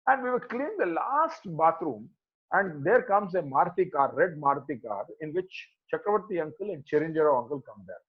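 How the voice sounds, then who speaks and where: A man's voice: on the high side, brisk, husky, phone-quality sound. A man in his fifties with a Telugu-flavoured Indian accent, telling a devotional story at a satsang and acting out the voices of the people in it, over an online call. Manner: animated, acts out the voices of people he quotes. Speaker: devotee sharing memories at a satsang. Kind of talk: storytelling talk.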